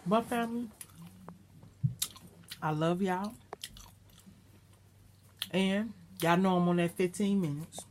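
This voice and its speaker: A woman's voice: fairly low pitch, slow pace, pauses often, a little mellow, slight background noise. A middle-aged woman vlogger, chatting casually and reminiscing to her viewers, with some salty language. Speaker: mukbang vlogger.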